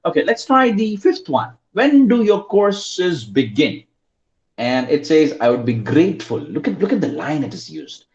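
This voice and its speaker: Man teaching, lively pitch, roomy sound. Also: moderate pace, few pauses, muffled recording. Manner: repeats prompts, coaxes students to answer. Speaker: English teacher. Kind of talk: online class instruction.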